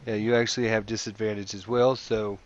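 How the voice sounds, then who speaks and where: A man narrating a tabletop game as game master, in an unhurried way. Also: on the low side, little pitch movement. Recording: dull lo-fi audio.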